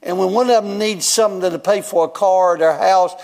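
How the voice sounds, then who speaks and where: A man's voice: high voice, brisk, a little mellow. A man, telling a personal story in a folksy, rambling sermon and chuckling often. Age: 70s. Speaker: guest preacher.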